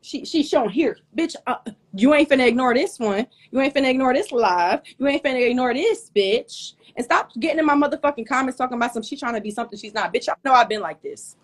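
Woman, fairly high voice, angry profane rant, confrontational, sweating and heated, phone live stream. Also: animated, fast talker. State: hot and sweating. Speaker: livestream host.

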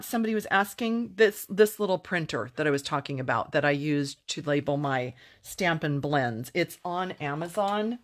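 A middle-aged woman walks through a craft tutorial in a low, unhurried voice. She chats casually and pokes fun at herself, laughing easily along the way. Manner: chatty, self-deprecating, laughs easily. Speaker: papercraft demonstrator.

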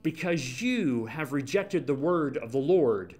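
A man preaching who reads a prophet's rebuke to a king in a stern, measured voice. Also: mid-range voice, expressive, a little mellow. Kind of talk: sermon scripture reading.

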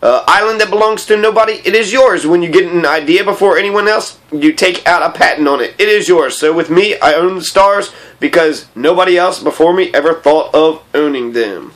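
A man's voice: high voice, a little fast, hardly any pauses, fairly bright tone. A man reading aloud and voicing a pompous, self-important businessman who lectures precisely. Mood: lecturing.

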